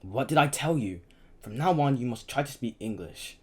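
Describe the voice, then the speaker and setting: A man's voice: medium pitch, expressive, moderate pace, darkish tone, voice pushed up, natural voice. A man reading aloud, voicing a middle-aged father who firmly corrects his son. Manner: firm, instructive. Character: stern but caring African father, middle-aged.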